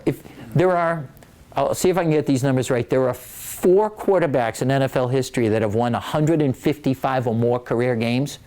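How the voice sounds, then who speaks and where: A man, an author, giving a casual, animated storytelling talk to an audience in a library, joking as he goes. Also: on the high side. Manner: animated, joking, acts out quoted voices. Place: public library meeting room.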